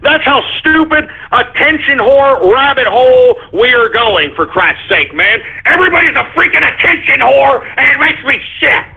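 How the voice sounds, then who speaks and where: Foul-mouthed male call-in host, husky and shouty, phone-quality audio. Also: extremely high pitch, animated, moderate pace, few pauses. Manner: angry, profane ranting with sudden shouts. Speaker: radio show host. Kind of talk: call-in radio rant. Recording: phone-like narrow sound.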